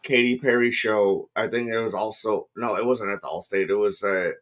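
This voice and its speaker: A man's voice: on the low side, fairly even intonation, normal speed, a bit bright. A man hosting a podcast, telling a rambling story in casual chat, full of swearing and "dude". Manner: rambling profane storytelling, says "dude" a lot. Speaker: podcast host.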